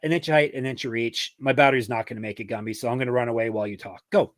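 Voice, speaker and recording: A man hosting a betting podcast, reading sponsor ads and chatting in an energetic, self-deprecating way. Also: mid-range voice, very fast, no echo, clean studio sound. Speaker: podcast host. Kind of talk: casual chat and ad reads.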